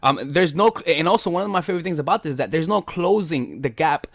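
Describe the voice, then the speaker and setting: A man giving a casual spoken lesson as a dating coach, talking in a loose, animated way with frequent restarts and swearing. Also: fairly high pitch, fast, creaky, no echo, clean studio sound.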